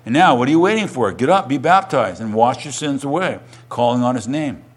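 A middle-aged male pastor preaching a sermon, reading scripture aloud and then retelling it with rising, animated emphasis. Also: a little fast. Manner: animated, rising in pitch and volume when retelling a quoted testimony.

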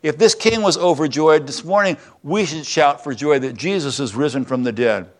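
A man's voice: on the high side, normal speed. A man preaching a sermon in a conversational, storytelling way, with joking asides. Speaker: pastor.

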